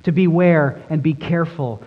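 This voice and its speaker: A man's voice: a little high, moderate pace, phone-quality sound. A man preaching a sermon as pastor, emphatic and fond of repeating phrases for stress. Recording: long reverb in a large hall.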